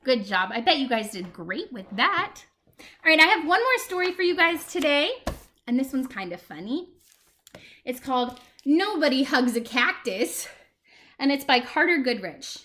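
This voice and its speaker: A woman's voice: high-pitched, normal speed, a little hiss or hum. A woman librarian reading a picture book aloud to preschool children, asking them questions as she goes. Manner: animated, talks to small children.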